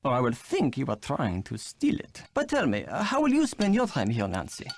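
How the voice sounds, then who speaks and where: A suave French ski instructor. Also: male voice, medium pitch, huge pitch swings, moderate pace, slight background noise. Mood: flirtatious. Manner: suave, teasing, theatrical. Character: flirtatious French male ski instructor, charming. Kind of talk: video game voice acting.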